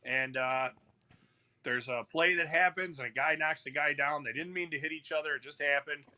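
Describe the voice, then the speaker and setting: A man's voice: a little high, normal speed, bright, forceful tone. A man who works as a hockey referee, telling a story in casual chat with lots of fillers and restarts. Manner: rambling, full of "you know" fillers and restarts. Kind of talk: casual storytelling on a live talk show.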